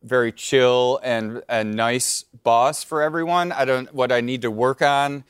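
A man, a comedian guest on a talk show, telling rambling, animated stories in casual chat. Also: medium pitch, measured pace, smooth, no echo. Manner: rambling, animated storytelling with laughs.

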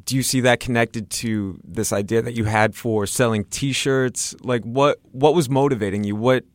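A man's voice: medium pitch, fairly even intonation, normal speed, dry recording. A man interviewing a guest, asking curious follow-up questions in a casual way.

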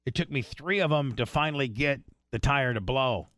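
A man's voice: mid-range voice, moderate pace, a bit bright, no room sound. A man hosting an uncensored radio show, talking loose, profane and joking. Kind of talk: casual uncensored radio banter.

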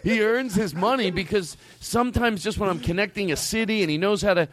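A man hosting a casual comedic podcast chat, ranting in a quick, profane, animated way. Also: sits high, no room sound. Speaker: podcast host.

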